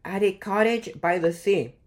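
A woman reading a children's picture book aloud, with clear storybook narration. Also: mid-range voice, unhurried, a little mellow. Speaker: guest reader.

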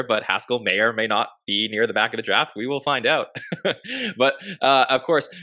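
A man's voice: mid-range voice, bright, forceful tone. A man hosting a podcast, introducing each guest in an upbeat, casual way. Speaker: podcast host.

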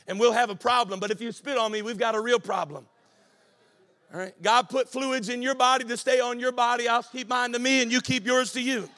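Pastor, male, impassioned preacher; bright, ringing voice. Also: very high-pitched. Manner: impassioned, rising to shouting and sing-song cadence. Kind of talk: sermon.

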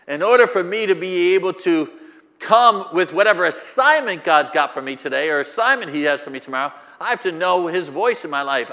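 Male pastor preaching with repetitive rhetorical questions; high, bright voice in a reverberant church hall. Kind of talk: sermon.

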